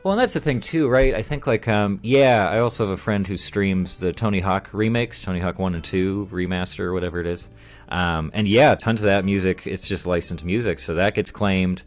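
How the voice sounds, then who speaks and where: A man's voice: sits low, brisk, faint music behind. A male streamer in casual chat, rambling along, reading viewer comments aloud and chuckling often.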